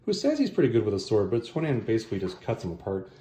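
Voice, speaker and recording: A man casually recapping a comic book plot, loosely paraphrasing the characters with quick offhand asides. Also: lowish voice, huge pitch swings, warm tone, reverberant.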